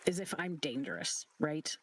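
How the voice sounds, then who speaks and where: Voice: mid-range voice, sing-song, moderate pace, a bit bright, slight background noise. A game master voicing a centuries-old man who is guarded, defensive and sarcastic, in a tabletop role-play. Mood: weary. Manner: defensive, sarcastic, swears when pushed.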